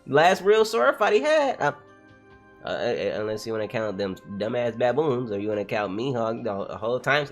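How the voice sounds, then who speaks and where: A man doing a casual read-along reaction to a comic, talking in slang, getting excited and laughing often. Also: medium pitch, moderate pace, soft background music. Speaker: manga reaction streamer.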